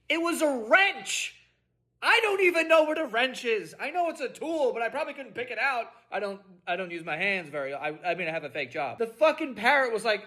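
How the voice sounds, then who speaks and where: A man hosting a podcast, telling stories in an animated, profane, casual way. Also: extremely high pitch, normal speed. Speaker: podcast host.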